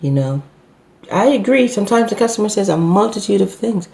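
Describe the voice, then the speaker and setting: A middle-aged woman who runs a business teaches customer service unscripted, speaking briskly and animatedly in a mid-range, dark-toned voice with vocal fry. Even so, she's hesitant, with many fillers and self-corrections.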